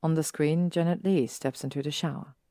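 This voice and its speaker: A woman reading fan fiction aloud in a calm, even narration. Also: deep voice, a little fast, no room sound, studio quality. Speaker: story reader.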